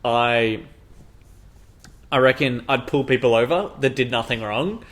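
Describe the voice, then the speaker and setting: Dry-joking podcast co-host. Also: male voice, medium pitch, measured pace, a bit bright. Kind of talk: casual chat.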